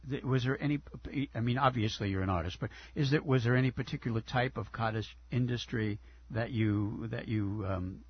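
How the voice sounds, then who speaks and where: A man hosting a radio interview, asking questions in a halting way, stumbling and repeating words. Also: medium pitch, breathy edge, highs cut off. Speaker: radio host.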